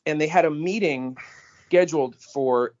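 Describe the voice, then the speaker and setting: A man co-hosting a podcast in casual chat, talking animatedly and jumping up in pitch when he quotes people. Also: unhurried, a little mellow, dull audio. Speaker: podcast co-host. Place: on a phone call.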